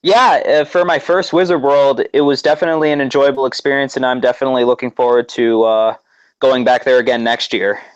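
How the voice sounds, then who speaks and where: A man excitedly recounting a story in casual chat, with many fillers and restarts. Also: mid-range voice, brisk, smooth, lo-fi sound. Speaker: guest co-host.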